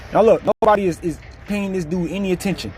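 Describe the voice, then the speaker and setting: Mocking man with a higher voice. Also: fast talker, noisy background. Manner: mocking, blunt and slangy. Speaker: video commentator. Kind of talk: casual reaction commentary.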